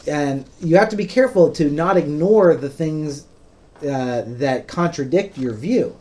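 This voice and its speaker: Mellow-voiced man explaining plainly. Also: fairly high pitch, measured pace. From United States. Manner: patient, plain-spoken explaining with frequent ums. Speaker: podcast host. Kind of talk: casual explanatory podcast talk.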